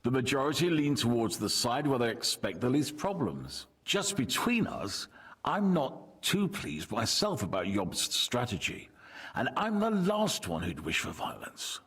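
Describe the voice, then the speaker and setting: An actor playing a measured, diplomatic medieval nobleman who is loyal to his king, in video game voice acting. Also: medium pitch, very animated, a bit bright, breathy edge, heavily acted. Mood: calm. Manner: diplomatic, composed.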